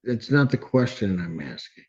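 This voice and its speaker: A male judge questioning people in court, slow and firm, often cutting in. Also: lowish voice, big pitch swings. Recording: dull courtroom audio.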